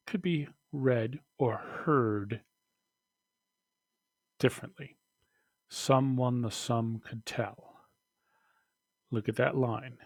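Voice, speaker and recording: A man teaching a recorded lesson, talking slowly with many fillers and restarts. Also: mid-range voice, gravelly, no room sound.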